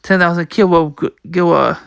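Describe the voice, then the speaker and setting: A man's voice: a little high, normal speed, vocal fry, fairly bright tone, clean tone, dry recording, clean studio sound. A man reading a manga aloud, voicing every part and the sound effects, often stumbling and repeating words. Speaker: comic reader.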